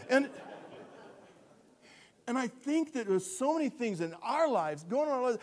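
A male pastor preaching a sermon in an animated storytelling manner, dropping to a hush and rising to shouts. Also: very high-pitched, moderate pace.

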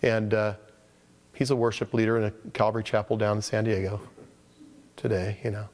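A man's voice: lowish voice, flat delivery, fairly quick, darkish tone, big-room sound. A man preaching as a pastor, telling stories conversationally and acting out the voices of the people in them. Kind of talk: sermon.

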